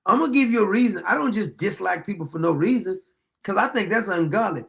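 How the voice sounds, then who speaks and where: A man's voice: high voice, expressive, fast, vocal fry, fairly bright tone. A blunt, emphatic man, talking in a casual monologue as a podcast host. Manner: blunt, emphatic, plain-spoken.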